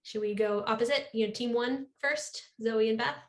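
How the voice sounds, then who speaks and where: Higher-pitched woman instructor, upbeat, encouraging, video call. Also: normal speed. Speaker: workshop instructor. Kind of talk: leading an online class.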